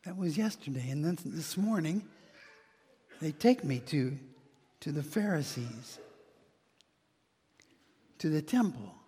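With an exaggerated voice that is a little high and slightly rough, a man acts out a first-person monologue of a once-blind beggar. The character is eager and joyful, speaking haltingly, restarting and repeating words between excited exclamations, and the sound has a big-room quality.

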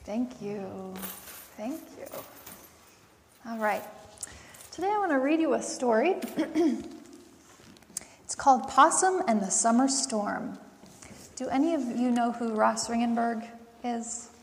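A woman pastor leading children's time in a church, speaking gently to the children and reading them a storybook. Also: fairly high pitch, animated, slow pace, creaky, long pauses, slight background noise. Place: church sanctuary. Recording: long church reverb.

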